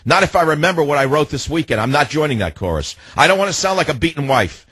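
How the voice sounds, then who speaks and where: A man's voice: a little high, big pitch swings, fast talker, a bit bright, husky, no echo. A man hosting a talk radio show, ranting in a scornful, combative way and cutting callers off. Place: radio studio.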